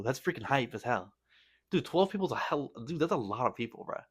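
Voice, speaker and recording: A man's voice: medium pitch, animated, fast, a bit bright, husky. A young man talking casually to camera in a vlog, rambling and self-critical, with lots of slang and restarts. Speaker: vlogger.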